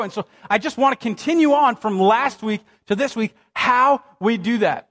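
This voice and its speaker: Pastor guy in his 30s preaching, higher voice, super animated, reads scripture all dramatic then just chats. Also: moderate pace, few pauses. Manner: animated, conversational storytelling with dramatic scripture reading. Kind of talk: sermon.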